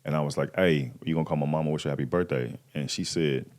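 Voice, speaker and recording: A man's voice: rumbling low, fast, slight background noise. A man in his thirties, a podcast guest, casually telling a personal story with lots of slang and acted-out quotes. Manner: animated, acts out quoted voices, slangy.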